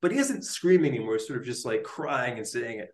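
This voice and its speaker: A man's voice: mid-range voice, fairly quick. Young guy, neuroscientist, rambling story full of likes and dudes, echoey room. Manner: animated, slangy, lots of likes and dudes. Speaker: neuroscientist guest. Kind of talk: casual storytelling in a podcast interview. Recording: roomy echo.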